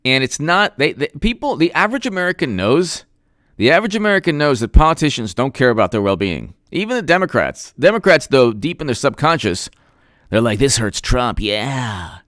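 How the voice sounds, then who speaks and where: Guy ranting sarcastically on a stream, clear smooth voice, dry sound. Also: a little high, sing-song, a little fast, a bit bright, no echo. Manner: sarcastic, mocking put-on voices. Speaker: political commentator. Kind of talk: live-stream commentary, reading chat.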